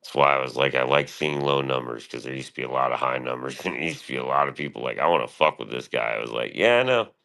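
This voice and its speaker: A man's voice: rumbling low, fairly even intonation, quick pace, creaky, hardly any pauses, pushed and bright, clear, resonant tone. A man streaming live, rambling casually and profanely about his past and his show, often quoting himself.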